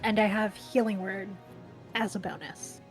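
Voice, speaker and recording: A woman player at a tabletop game, her voice worn and slightly hoarse. She reads out her spell rules and talks through her turn in a relaxed, casual way. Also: mid-range voice, measured pace, over music, rough recording. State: losing her voice.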